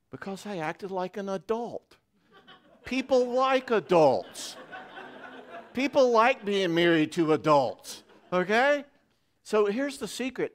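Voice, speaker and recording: Animated, joking man speaking at a marriage conference. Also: high-pitched. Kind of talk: conference talk to couples. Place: church.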